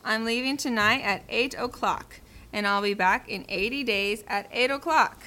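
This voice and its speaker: A woman voicing a calm, decisive English gentleman in a children's cartoon, speaking crisply and giving orders. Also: fairly high pitch, normal speed. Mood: brisk.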